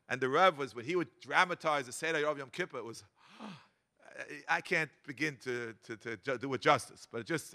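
Animated older man teaching a class. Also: on the high side. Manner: animated, dramatic emphasis, frequent Hebrew and Yiddish terms. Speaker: cantor. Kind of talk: Torah lesson with personal memories.

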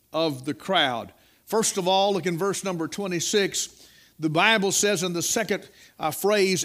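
Middle-aged man, sermon, folksy storyteller, high voice. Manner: folksy, dramatic storytelling, rising to loud peaks. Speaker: preacher.

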